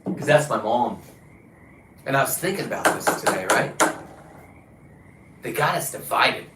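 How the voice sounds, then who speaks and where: A man hosting a livestream, ranting casually and combatively with a lot of swearing, his pitch and volume jumping around. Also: animated, measured pace, reverberant, very noisy. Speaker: livestream host. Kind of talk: casual profane rant.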